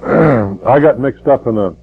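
A man's voice: medium pitch, slow pace, creaky, phone-quality sound, a little hiss or hum. An older man preaching a sermon in a folksy way, repeating words and rising to fervent emphasis.

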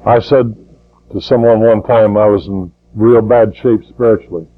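A man's voice: fairly low pitch, fairly even intonation, normal speed, phone-quality sound. An older man preaching a sermon in a folksy way, repeating words and rising to fervent emphasis.

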